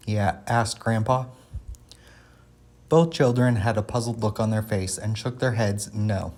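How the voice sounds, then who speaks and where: Male storyteller, lowish voice, plain steady read-aloud of a kids' story. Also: normal speed. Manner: plain, steady reading with small slips and restarts. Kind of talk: reading a children's story aloud.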